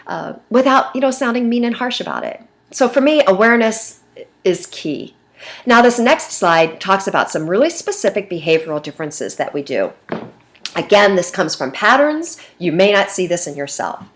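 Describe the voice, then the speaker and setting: A woman's voice: mid-range voice, animated, normal speed. A middle-aged woman teacher giving a recorded lecture in a conversational way, with frequent fillers. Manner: conversational, with fillers and slide references.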